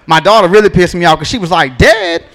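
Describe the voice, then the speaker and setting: A man's voice: high-pitched, rapid-fire, a bit bright. A man, doing a stand-up comedy set in a laid-back, drawling storytelling manner with punchy asides, on a handheld stage mic.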